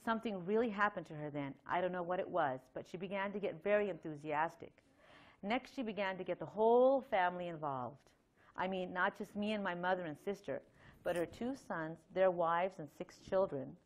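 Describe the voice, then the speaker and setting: This temple speaker is a middle-aged woman with a fairly low voice who talks fairly quickly during a Sunday lecture. She keeps things chatty with frequent fillers and light laughs, and at one point reads a long letter aloud.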